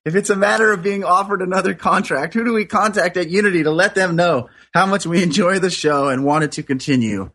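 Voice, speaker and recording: A man with a slightly high voice co-hosts a laid-back radio chat show. He talks in an easygoing way, with hesitant fillers. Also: fairly quick, hardly any pauses, fairly bright tone, breathy edge. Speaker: radio co-host.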